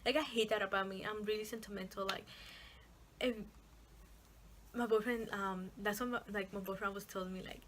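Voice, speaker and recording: A young woman vlogs to her camera in a loose, rambling way, packing her sentences with fillers and dropping the occasional swear word. Her pitch sits in the middle, and a faint hiss runs underneath. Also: steady tone, fairly quick, long pauses, a bit bright. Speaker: vlogger. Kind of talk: casual chat to camera.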